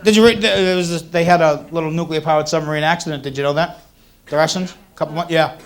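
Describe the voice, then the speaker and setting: On a comedy club stage, a man in his thirties from the Boston area mocks himself wryly while the audience laughs along. He talks fast with a slightly high, steady voice, recorded for 1980s cable TV.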